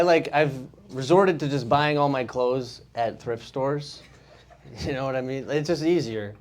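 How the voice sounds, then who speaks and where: A man, performing a casual stand-up set in a comedy club and laughing at his own jokes. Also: mid-range voice. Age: 20s. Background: audience laughter.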